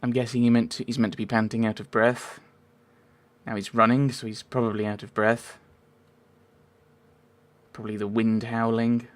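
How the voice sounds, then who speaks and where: A man's voice: mid-range voice, flat delivery, moderate pace, long pauses. A man giving rambling, casual commentary over a video game, with wry asides and frequent self-interruptions. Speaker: let's play gamer.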